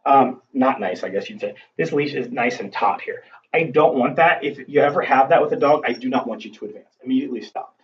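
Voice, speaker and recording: A man's voice: mid-range voice, brisk. Distant man explaining dog training. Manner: casual, talks through the steps with fillers. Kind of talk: instructional demonstration. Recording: distant, dull lo-fi recording with faint background noise.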